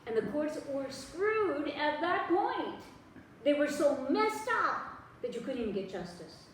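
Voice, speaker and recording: A woman preaching a sermon, telling stories lively and acting out the voices of the people in them. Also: sits high, a little slow, slight background noise. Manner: animated storytelling, acting out voices in dialogue. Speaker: pastor. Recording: echoey room, mic at a distance.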